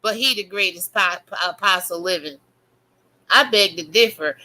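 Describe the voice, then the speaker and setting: A woman's voice: fairly low pitch, moderate pace, bright, forceful tone, poor audio. A woman YouTuber preaching in a fiery, profane rant to her viewers. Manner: fiery, preachy, heavy cursing. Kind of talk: religious rant to camera.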